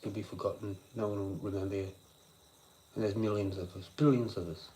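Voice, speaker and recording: A man's voice: fairly low pitch, steady tone, fairly quick, warm tone, slight background noise, poor audio. A young man ranting on a livestream, swearing a lot and circling through frustrated philosophical thoughts. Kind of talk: rambling late-night livestream rant.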